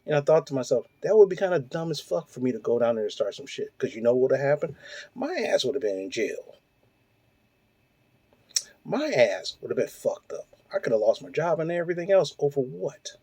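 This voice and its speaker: A man's voice: medium pitch, big pitch swings, brisk, mellow, no echo. A man in his forties hosting his own show, delivering a blunt, profane, heated rant full of rhetorical questions. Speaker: host. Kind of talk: ranting monologue.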